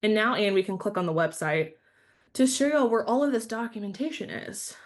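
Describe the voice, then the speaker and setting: A woman's voice: medium pitch, lively intonation, a little fast. A woman leading an online training presentation, walking her audience through steps in a friendly, instructive way.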